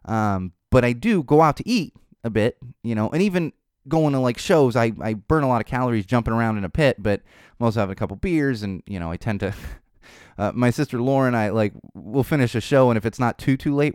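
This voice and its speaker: Casual podcast host, male, tired, rambling; animated pitch, dry close recording. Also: a little fast, smooth, no echo. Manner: rambling, speaks off the cuff with tangents. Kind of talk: casual unscripted monologue.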